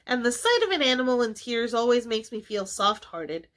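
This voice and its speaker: A woman's voice: fairly high pitch, normal speed. A woman doing a grave, kindly engine driver. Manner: grave, steady. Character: stern but kindly male engine driver.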